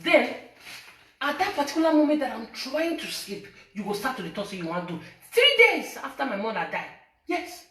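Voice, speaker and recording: A woman's voice: high voice, big pitch swings, normal speed, a bit bright, reverberant, recorded from a distance, a little hiss or hum. A woman with a Nigerian accent, mixing Pidgin and English as she tells viewers a painful personal story in an accusing, pleading way. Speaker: social media personality. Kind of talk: emotional personal confession to viewers.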